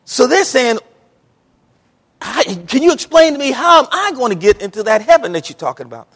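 Animated high-voiced man preaching. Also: normal speed, big-room sound. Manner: animated preaching, Southern folksy speech, acts out quotes. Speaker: pastor. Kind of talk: sermon.

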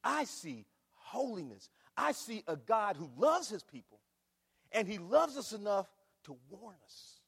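A middle-aged man preaching a sermon in a church, swinging between shouts and hushed, emphatic lines. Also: high voice, sing-song, measured pace, vocal fry, slightly rough. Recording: long reverb of a large hall.

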